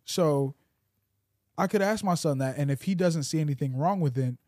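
A young man co-hosting a podcast, chatting loosely and profanely and telling animated stories. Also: on the high side, moderate pace, dry recording, clean studio sound. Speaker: podcast co-host. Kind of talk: casual chat.

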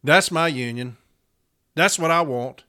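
A man's voice: fairly high pitch, unhurried, bright, forceful tone, smooth. A man, hosting his podcast in an angry, profane solo rant. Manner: furious, profane, fiery. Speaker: podcast host.

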